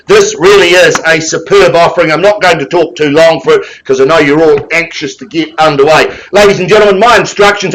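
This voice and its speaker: High-voiced New auctioneer. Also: male voice, a bit bright, poor audio. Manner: brisk, theatrical patter with rapid bid calls. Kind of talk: live property auction calling.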